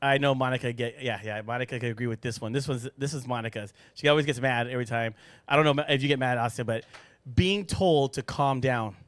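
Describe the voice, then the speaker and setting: A man hosting a casual podcast chat in a studio, animated and joking, laughing often. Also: mid-range voice, fairly quick, smooth, no echo. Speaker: podcast host.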